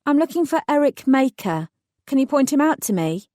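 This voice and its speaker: A woman's voice: high voice, big pitch swings, normal speed, no room sound, clean studio sound, pitched above the performer's own voice. Woman voicing a breezy fairy godmother. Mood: cheery. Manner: bright, cheery, polite.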